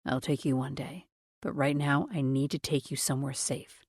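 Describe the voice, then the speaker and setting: A commanding, protective mafia man, put on by a woman narrator issues short, clipped orders in a deep, hushed voice. The audiobook voice sits very low, and the read is close and dry with no room sound. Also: fairly even intonation, normal speed, no echo. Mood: hushed pleading.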